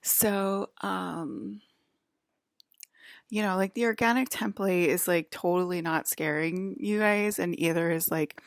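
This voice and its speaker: Woman vlogger, sarcastic rambling monologue, gravelly fry, dry close sound. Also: fairly low pitch, slow pace, dry recording. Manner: sarcastic, heavy use of "like". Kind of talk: rambling solo vlog monologue.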